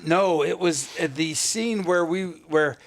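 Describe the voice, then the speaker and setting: Rambling, higher-voiced man guest. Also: slow, a crowd in the background. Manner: rambling, filler-heavy, casual profanity. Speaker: podcast guest. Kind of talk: casual interview chat.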